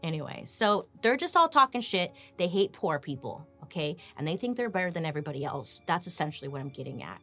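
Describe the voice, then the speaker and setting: Animated sarcastic woman host. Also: fairly low pitch, fast talker, few pauses, faint music behind. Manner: sarcastic, animated, swears freely. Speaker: podcast host. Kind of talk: casual storytelling chat.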